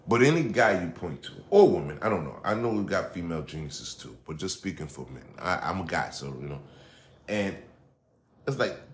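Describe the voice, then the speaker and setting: Slight background noise sits behind a middle-aged podcast host whose low voice is animated and brisk. Talking solo and casually, he rambles, curses, restarts his sentences and keeps veering into asides.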